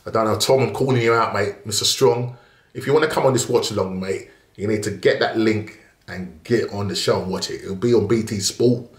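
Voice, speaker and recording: A man talks through a football match preview in a loose, rambling monologue full of fillers. His voice sits on the low side. The room around him is echoey. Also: fairly quick. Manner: chatty and rambling, many fillers and restarts. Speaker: football channel host.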